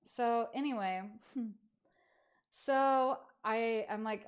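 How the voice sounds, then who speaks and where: A woman streamer chatting casually as she tells a personal story, full of rambling fillers. Her voice sits in a middle pitch. The stream audio sounds a bit dull and muffled. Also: a little slow. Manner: rambling, filler-heavy, animated retelling.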